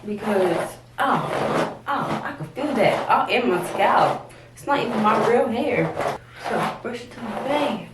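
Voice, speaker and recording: A woman's voice: on the high side, expressive, measured pace, distant mic. Woman, casual tutorial vlog, chatty and slangy, bathroom echo, off-mic. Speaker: vlogger. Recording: roomy, off-mic, faint noise.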